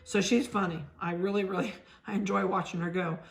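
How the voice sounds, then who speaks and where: A middle-aged woman from Ohio, a dog breeder, chatting casually as she handles puppies and talks softly to them. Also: mid-range voice, steady tone, fairly quick, gravelly.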